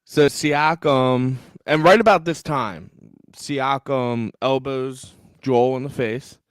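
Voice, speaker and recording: A man's voice: medium pitch, slow pace, clear, resonant tone, no room sound, clean studio sound. A man co-hosting a sports podcast, joking around in a sleepy, casual way. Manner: jokey, sleepy, talks over co-host. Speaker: podcast co-host.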